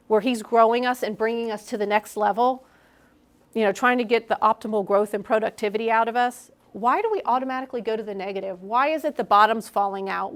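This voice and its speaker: A middle-aged woman giving a candid, conversational sermon to a young adults group, acting out her own inner voices as she goes. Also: on the high side.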